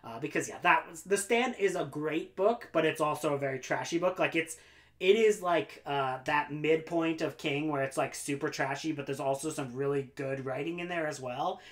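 A man's voice: on the high side, moderate pace, a bit bright. Young male book vlogger, casual and rambling, self-deprecating, fillers everywhere. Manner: rambling and self-deprecating, full of ums and likes. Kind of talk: casual book tag vlog.

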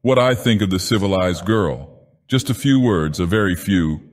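A man's voice: low-pitched, lively intonation, normal speed. A man doing a pushy, fawning young reporter. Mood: eager. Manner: ingratiating, pushy. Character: eager, smooth-talking young male reporter.

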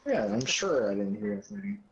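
A man's voice: lowish voice, sing-song, fairly quick, highs cut off, a little hiss or hum. A man chatting casually with friends while gaming, jumpy and playfully pleading. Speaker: gamer on a group stream.

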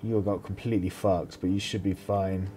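A man commentating his own strategy gameplay, swearing freely and getting loud when the fight turns. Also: low voice, normal speed, soft background music. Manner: excitable, swears a lot, mocks enemies. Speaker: let's play host.

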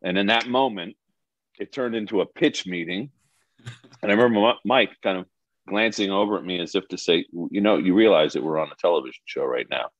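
A man's voice: deep voice, fairly quick, no room sound. A man chatting in a rambling way, searching for words, on a video call. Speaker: actor, guest. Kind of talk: casual chat. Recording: dull lo-fi call audio.

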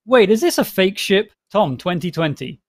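A man hosting a casual livestream chat, reading donation messages aloud with quick laughs. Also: high voice, very animated, no echo, clean studio sound.

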